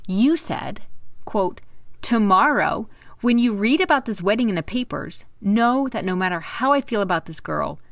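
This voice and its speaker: A catty, glamorous ex-wife, put on by a woman telling a story, taunts in a sweet, raised, drawn-out voice. The sound is dry and close, with no room around it. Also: medium pitch, lively intonation, creaky, dry recording. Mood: sugary taunt. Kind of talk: casual chat.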